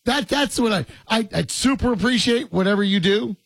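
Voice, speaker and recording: A man's voice: high-pitched, a little fast, vocal fry, a bit bright, dry recording. A man hosting a sports radio show, joking and rambling in casual chat and laughing often.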